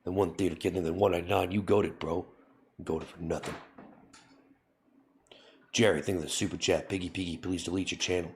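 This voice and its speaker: Streamer, male, low-pitched, mock-serious scolder on a comedy live stream. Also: steady tone, brisk, pauses often, a little mellow, a little hiss or hum. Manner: mock-stern, scolding, repetitive. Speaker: livestreamer.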